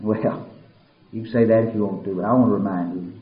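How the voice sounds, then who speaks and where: Male preacher, sermon delivery that swings from quiet murmur to loud, high cries, in a roomy, muffled recording. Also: fairly even intonation, a little fast. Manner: swings from hushed and low to soaring shouted peaks.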